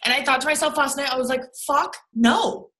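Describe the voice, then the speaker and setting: A woman's voice: high-pitched, flat delivery, very fast, bright, forceful tone, poor audio. A young woman leading her sales team over a video call, blunt and rambling, with lots of swearing and fillers.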